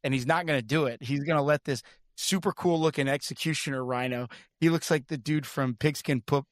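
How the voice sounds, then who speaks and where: A man co-hosting a podcast, with a voice pitched a little above most men's. He retells a film in casual chat and laughs as he goes. He is recorded close and dry, with no room sound. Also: fairly quick, dry recording. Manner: laughs while telling the story. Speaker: podcast co-host.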